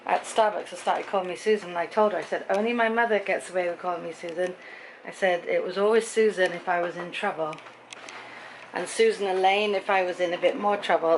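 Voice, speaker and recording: A woman's voice: fairly low pitch, a little hiss or hum, rough recording. A middle-aged British woman vlogging in a casual, chatty way, telling stories and acting out both sides of each conversation, sounding tired. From Britain. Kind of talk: casual chat to camera.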